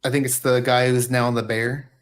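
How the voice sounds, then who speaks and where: A man's voice: mid-range voice, little pitch movement, normal speed. Dry-humored man from the American South. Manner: dry sarcastic, self-deprecating. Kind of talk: casual chat on a livestream.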